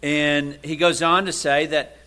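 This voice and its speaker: A man preaching a sermon in a conversational way. He asks his listeners rhetorical questions and swings between loud emphatic lines and quiet low asides. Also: little pitch movement, a little slow, clear, resonant tone.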